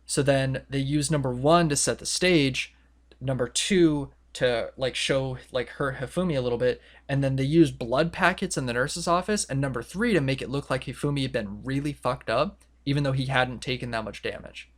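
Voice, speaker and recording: Young male podcast co-host, mid-pitched, casual and rambling, acts out quotes. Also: normal speed. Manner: rambling, filler-heavy retelling with quoted voices.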